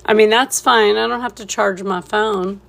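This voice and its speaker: A woman's voice: medium pitch, fairly even intonation, normal speed, gravelly, a bit bright. A woman leading a live painting tutorial, laid-back and thinking aloud as she works. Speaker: painting instructor.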